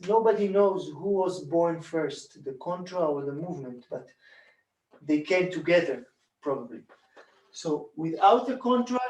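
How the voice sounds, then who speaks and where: A man, a bodywork teacher, calmly explaining a hands-on demonstration and chanting rhythm sounds as he works. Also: high-pitched. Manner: calm, unhurried, counts and chants rhythm sounds while demonstrating. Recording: echoey room, voice from a distance.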